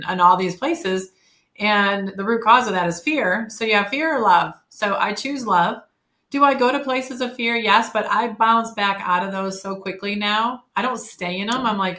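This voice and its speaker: A woman in her fifties talking as a podcast guest, candid and chatty, often pausing on fillers and correcting herself mid-sentence. Her voice sits in a middle pitch and is recorded in a noticeably echoey room. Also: a bit bright. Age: 50s. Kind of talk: casual conversational interview.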